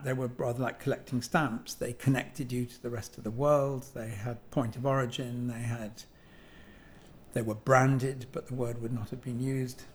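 An Englishman in his seventies talking about objects in a reflective, digressive way, full of ums and self-corrections. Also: mid-range voice. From England. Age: 70s. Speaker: guest sculptor. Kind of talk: reflective conversational monologue.

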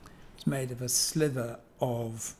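In a reflective conversational monologue, a guest sculptor from England in his seventies rambles about objects, full of ums and self-corrections. He speaks a little slowly, his medium-pitched voice steady and a little mellow.

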